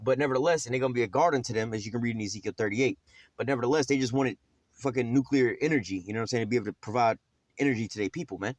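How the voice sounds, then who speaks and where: A man's voice: medium pitch, racing, no echo. A man giving an informal, streetwise scripture teaching, rambling and profane, with many fillers and restarts.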